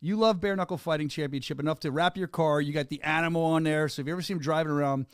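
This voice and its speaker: A man hosting a podcast, joking and laughing in quick, hyped chat. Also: on the high side, steady tone, clear, resonant tone, no room sound, studio quality. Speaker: podcast host and venue announcer. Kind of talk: casual chat.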